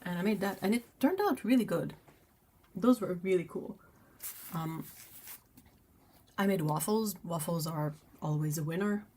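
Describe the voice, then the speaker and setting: A woman's voice: lowish voice, unhurried, long pauses, warm tone, husky. A woman hosting a casual livestream, chatting in a rambling way with lots of fillers. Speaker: livestream host.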